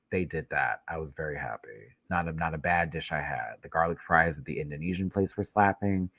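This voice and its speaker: A YouTube recap host chats loosely on a live stream, rambling, swearing freely, and sounding stuffy from a head cold. His voice sits low with a fairly bright tone, and there is no room sound.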